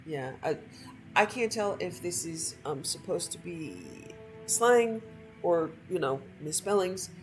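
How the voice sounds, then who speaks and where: A woman gameplay streamer reading a story aloud from a game in a measured, expressive way. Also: lowish voice, faint music behind, poor audio.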